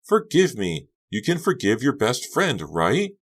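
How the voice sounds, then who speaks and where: A man's voice: mid-range voice, wildly swooping pitch, a little slow, husky, voice pushed up, heavily acted. A man voicing a clingy, unsettling teenage girl in a storybook reading, sugary and insistent. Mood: pleading.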